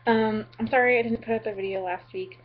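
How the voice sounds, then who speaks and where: A woman's voice: on the high side, steady tone, brisk, phone-quality sound, a little hiss or hum. A young woman from the Upper Midwest chatting in a goofy, apologetic, rambling way on her vlog, full of ums and likes. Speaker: vlogger.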